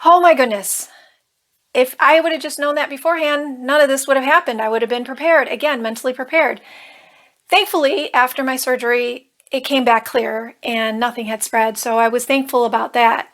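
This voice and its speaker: A woman with a fairly high voice talks straight to camera as a coach. She tells a personal story in an earnest, emotional way and slips in nervous humor. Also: steady tone, normal speed, a bit bright. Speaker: life coach.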